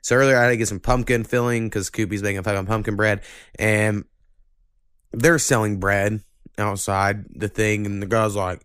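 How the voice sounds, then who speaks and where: A man's voice: lowish voice, moderate pace, smooth, no room sound, clean studio sound. A man hosting a podcast, chatting casually and ranting with lots of swearing. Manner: profane, ranting, animated when annoyed. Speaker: podcast host.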